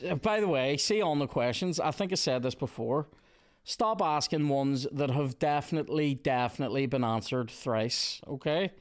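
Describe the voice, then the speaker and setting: A Northern Irish man hosting a podcast, chatting casually and swearing in excited bursts while playing a football video game. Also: medium pitch, normal speed. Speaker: podcast host. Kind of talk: casual gaming chat and commentary. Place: indoors with a small audience.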